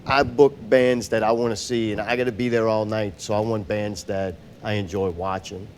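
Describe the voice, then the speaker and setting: A man with a lowish voice speaks at a normal speed with fairly even intonation, over slight background noise. He's a show booker appearing as a podcast guest, chatting casually about booking shows in a blunt, wry way that leans self-mocking.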